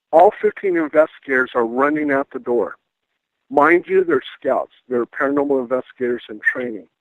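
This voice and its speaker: A middle-aged man, a paranormal investigator, telling a ghost story in a casual, animated way and acting out the voices he quotes. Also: fairly high pitch, no echo. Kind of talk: casual storytelling on a radio call-in. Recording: dry tinny phone line.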